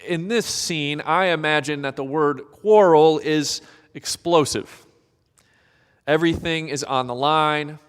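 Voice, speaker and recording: A male pastor preaching a sermon, dramatic and expressive, sometimes acting out the voices of people in the story. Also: on the high side, slow pace, clean tone, long reverb tail.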